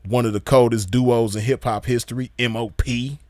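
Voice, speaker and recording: A man hosting a gaming channel, chatting casually in an excited, slangy, profane way and repeating himself often. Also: mid-range voice, moderate pace, no echo, studio quality. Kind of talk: casual chat.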